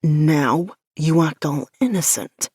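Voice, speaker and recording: A woman voicing an angry, possessive young man who speaks in a low, clipped hiss. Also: slow, a little mellow, breathy edge, no echo, studio quality, heavily acted. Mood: growling.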